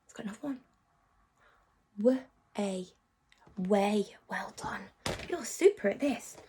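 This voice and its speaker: A woman teacher giving a phonics lesson to young children. She praises them often and slows down to sound out words. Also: medium pitch, background noise. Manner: animated and encouraging, praising often.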